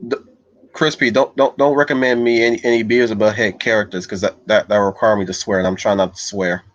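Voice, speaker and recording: A man's voice: on the low side, steady tone, quick pace. A man hosting a livestream, chatting casually and meandering as he answers viewers' comments. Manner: loose, meandering, thinks aloud while answering viewers. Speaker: livestream host reading chat. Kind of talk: casual rambling livestream chat. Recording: slightly dull lo-fi mic, dry.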